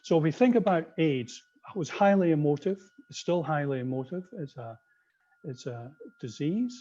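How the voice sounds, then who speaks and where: Speaking at a moderate pace, a man from Scotland with a light Scottish accent hosts a webinar by video call in a mellow, expressive, higher-pitched voice. He hesitates often, umming and restarting. The sound, picked up by a computer mic, is muffled call audio.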